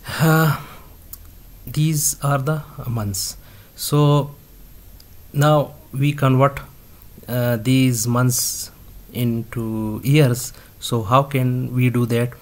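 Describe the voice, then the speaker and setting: A man teaching a database tutorial step by step, halting often with fillers and restarts. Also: medium pitch. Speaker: instructor. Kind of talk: screen-recorded coding tutorial.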